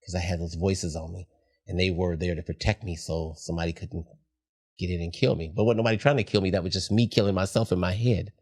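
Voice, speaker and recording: A man's voice: deep voice, fairly even intonation, fast talker, slightly rough. A middle-aged man, a podcast guest, talking candidly in a reflective, heartfelt way. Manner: reflective, heartfelt, soft-spoken at times.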